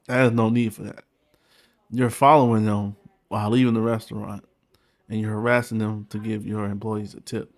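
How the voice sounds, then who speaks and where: A man's voice: on the low side, flat delivery, normal speed. A man hosting a casual reaction video, talking back bluntly to the clip he is watching.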